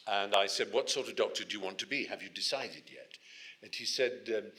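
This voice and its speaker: A man's voice: lowish voice, a little fast, pushed and bright. A man in his sixties from England, speaking to a student audience as guest speaker, telling anecdotes with frequent restarts. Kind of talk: storytelling talk to a student audience. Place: lecture hall.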